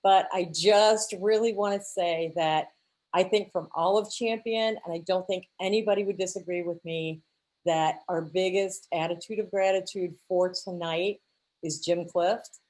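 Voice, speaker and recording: A woman gives a heartfelt, casual word of thanks. Her voice sits fairly low, and she talks sincerely, with some hesitation. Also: fairly even intonation, unhurried, a little mellow.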